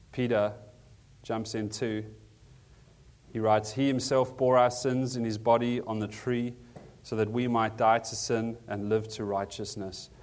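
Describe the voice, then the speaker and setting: A man's voice: lowish voice, a little mellow. A man preaching a sermon in an earnest, conversational way, asking the congregation questions as he goes. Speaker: pastor.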